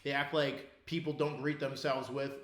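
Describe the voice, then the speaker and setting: A man's voice: medium pitch, fairly even intonation, moderate pace, a bit bright. A man, a podcast co-host in casual chat who rants, swears and laughs as he talks. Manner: profane ranting, laughs and mimics others. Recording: echoey room.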